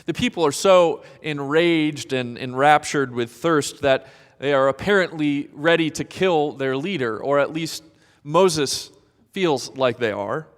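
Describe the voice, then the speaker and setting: A male pastor preaching a sermon, dramatic and expressive, sometimes acting out the voices of people in the story. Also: fairly high pitch, unhurried, big-room sound.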